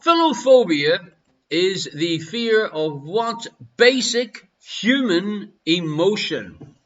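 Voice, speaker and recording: High, bright Irish quiz host. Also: male voice, big pitch swings, slow pace, muffled recording. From Ireland. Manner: jokey, teasing banter with viewers in the chat. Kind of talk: live-streamed pub quiz hosting. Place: his home. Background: faint music.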